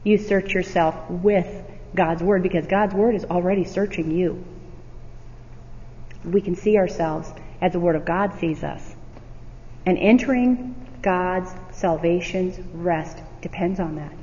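A woman's voice: fairly low pitch, a little slow, mellow, slight background noise. A woman teaching a Bible study, reading verses aloud and checking in with rhetorical questions in an earnest manner. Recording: dull audio with long hall reverb.

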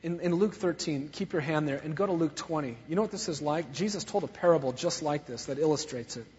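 A man preaching a sermon as a pastor, swinging from soft sorrow to loud fervor. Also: on the high side, fast, breathy edge. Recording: dull recording in a long-echo hall.

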